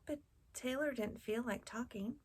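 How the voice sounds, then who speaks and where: A woman hosting a children's storytime, reading a picture book slowly and expressively and asking the children questions. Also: a little high, a little mellow, a little hiss or hum. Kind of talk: read-aloud storytelling for children.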